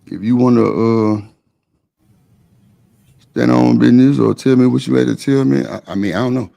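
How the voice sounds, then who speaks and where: A man's voice: mid-range voice, fairly even intonation, normal speed, vocal fry, dark tone. A man streaming live, talking bluntly and laid-back to his chat. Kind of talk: casual livestream chat.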